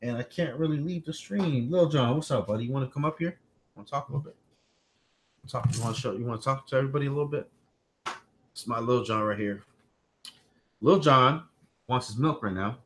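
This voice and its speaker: A man chatting casually on a home livestream, his voice sitting at an ordinary middle pitch. He rambles, circles back over the same points and keeps turning aside to coax his little boy. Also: a little fast, pauses often. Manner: rambling, repeats himself, talks to his small son on stream. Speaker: tech channel host.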